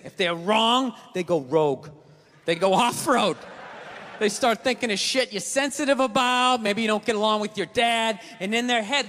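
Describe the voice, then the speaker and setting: A man doing a live stand-up set on a theater stage, ranting and profane, swinging from muttering to yelling. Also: extremely high pitch, a little hiss or hum. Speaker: stand-up comedian. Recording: echoey hall with loud crowd. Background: audience laughter.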